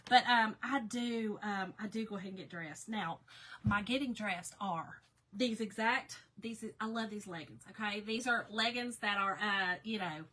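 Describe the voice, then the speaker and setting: A woman hosting a casual live painting chat, reading out viewer comments in a folksy way, her voice going hoarse. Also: mid-range voice, bright, forceful tone. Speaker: crafting livestream host.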